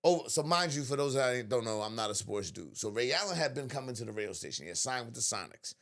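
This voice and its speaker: A man hosting a podcast, telling a story in casual chat, animated and profane, laughing often. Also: medium pitch, fast talker. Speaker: podcast host.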